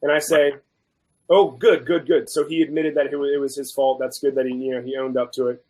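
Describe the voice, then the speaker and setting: A man guest on a chat show, telling a story in a casual, animated way and acting out the quoted people. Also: medium pitch, fast talker, poor audio. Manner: animated, acts out both sides of quoted dialogue. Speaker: guest food reviewer.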